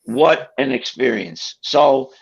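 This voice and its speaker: A man's voice: medium pitch, slow, gravelly, breathy edge. A man telling a personal story in a casual way, acting out the voices of the people in it. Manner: animated, acts out quoted voices. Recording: dull lo-fi sound.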